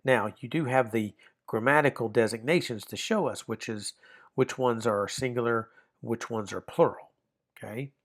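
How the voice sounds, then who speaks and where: A male Greek grammar teacher gives a recorded online lesson in a mid-range voice at a moderate pace. He explains patiently, step by step, frequently restating a point before moving on, repeating and rephrasing himself with filler words.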